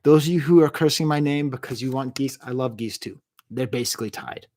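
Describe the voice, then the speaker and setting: A man's voice: mid-range voice, a little fast, darkish tone. A man hosting a music review livestream from home, ranking albums with enthusiastic, rambling talk and reading out the live chat. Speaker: music review show host.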